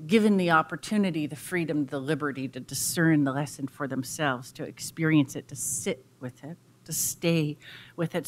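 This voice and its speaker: A woman giving a public lecture who tells a folk tale in an expressive, dramatic way. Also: deep voice.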